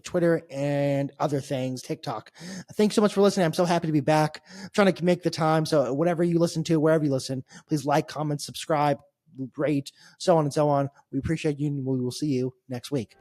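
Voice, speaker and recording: On a podcast he co-hosts, a young adult man from the United States recounts a trip in casual conversation, laughing and restarting sentences with plenty of fillers. His voice is on the high side and brisk, recorded without echo.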